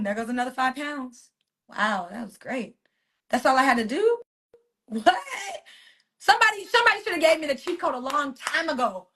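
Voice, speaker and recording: In a high-pitched voice with a sharp tone, a woman hosts her weekly casual motivational live stream from her phone. She's an author and wellness coach who talks emphatically, repeating phrases and chatting with viewers.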